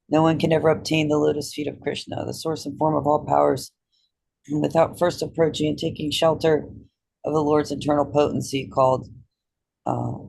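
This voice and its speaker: A man who is losing his voice reads a commentary aloud in a class, halting and stumbling over unfamiliar names. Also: fairly high pitch, gravelly, darkish tone, breathy edge, rough recording. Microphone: video call.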